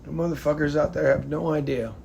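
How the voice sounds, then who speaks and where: A man from the United States delivering an angry, profane rant to camera, swinging between loud outbursts and hushed, near-whispered lines. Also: a little high, fairly even intonation, a little fast, vocal fry, highs cut off, a little hiss or hum. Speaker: vlogger.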